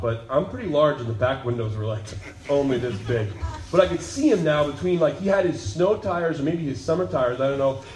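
Man, pastor, lively sermon storyteller, slightly high voice, roomy echo, getting over a cold. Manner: animated storyteller, acts out voices. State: lingering cold, coughing. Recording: echoey room.

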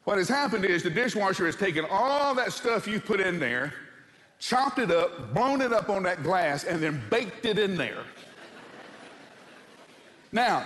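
A male pastor delivers a sermon in a church sanctuary, his voice sitting a bit higher than most men's. He tells stories in an animated way and keeps throwing rhetorical questions at the congregation. A long reverb from the large hall trails after his words. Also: a little slow. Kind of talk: sermon with humorous anecdotes.

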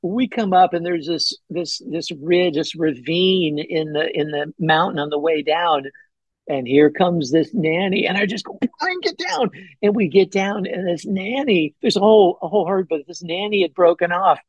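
A man telling a hunting story as a podcast guest, excited and rambling, with many fillers and restarts. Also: moderate pace, no room sound, dull audio. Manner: acts out his own past words with big pitch jumps. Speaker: podcast guest, bowhunter and pastor. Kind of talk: casual storytelling in an interview.

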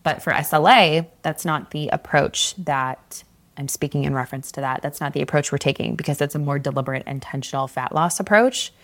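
A woman's voice: low-pitched, fairly quick. A woman hosting a solo podcast, giving candid, conversational coaching advice with an occasional casual swear. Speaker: podcast host, fitness coach.

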